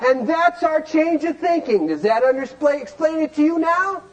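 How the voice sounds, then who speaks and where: A man speaking to a recovery group in an animated lecture, firing rhetorical questions and sometimes shouting. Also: extremely high pitch, moderate pace, some chatter behind, poor audio.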